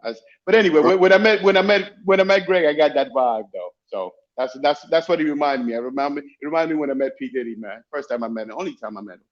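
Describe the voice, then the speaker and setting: An animated male guest tells stories casually, restarting and repeating phrases as he goes. He talks fast with few pauses, in a voice somewhat high for a man. The audio sounds muffled and lo-fi.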